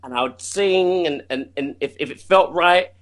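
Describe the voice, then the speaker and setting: A male singer being interviewed, talking in a casual, animated way with frequent restarts. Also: a little high, normal speed. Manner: animated, many restarts and laughs.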